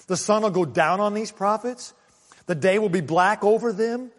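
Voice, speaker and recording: A male pastor with a high-pitched voice preaches a sermon at a normal pace, and a long reverb tail trails his words. He starts conversationally, telling stories and chuckling, then presses his points more forcefully, swinging between soft asides and raised, emphatic statements.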